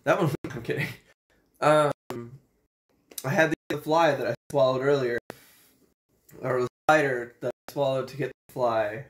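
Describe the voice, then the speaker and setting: A woman with a strikingly deep voice hosts a casual taste-test vlog. She rambles in a jokey, chatty way, often restarting her sentences. A faint hiss sits under the recording. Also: steady tone, normal speed, pauses often. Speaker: vlogger.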